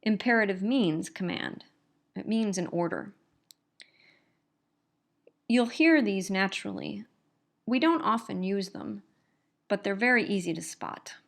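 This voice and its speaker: A woman's voice: medium pitch, animated, measured pace, creaky, pauses often. A middle-aged woman teaching an English grammar lesson, explaining patiently and repeating key points. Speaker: English instructor. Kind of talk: recorded grammar lecture.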